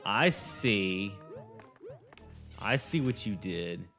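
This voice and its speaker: A man's voice: lowish voice, lively intonation, very slow, bright, forceful tone, faint music behind. A young man commentating his own gameplay, swearing, boasting and getting frustrated as he talks to a friend. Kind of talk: swearing let's-play commentary.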